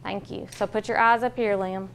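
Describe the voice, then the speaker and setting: A woman teacher leading a phonics lesson, giving clear, patient directions and drawing out sounds slowly. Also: medium pitch, fairly even intonation, a little hiss or hum. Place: classroom.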